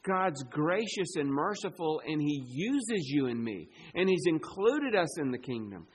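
A man preaching a sermon, rising to loud emphasis and dropping to quiet, low asides, stretching words as he reads scripture. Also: very animated, unhurried, slightly rough, poor audio. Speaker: pastor.

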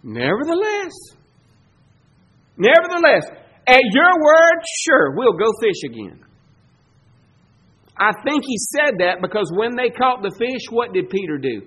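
A high-voiced preacher delivers his sermon. He pushes up loud and fast on his points, then drops low and slow for weight. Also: very animated, breathy edge, poor audio. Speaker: pastor.

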